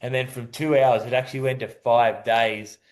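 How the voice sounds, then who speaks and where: A man's voice: mid-range voice, fairly even intonation, moderate pace. Man telling a story casually. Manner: rambling, many restarts and acted-out quotes. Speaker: guest, adaptive surfer.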